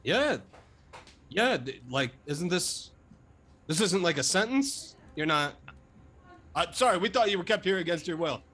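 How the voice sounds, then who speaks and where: A man's voice: sits high, sing-song, unhurried, long pauses, bright, forceful tone, slightly rough. A man speaking in character as a player in a tabletop game, with a dry, hesitant manner.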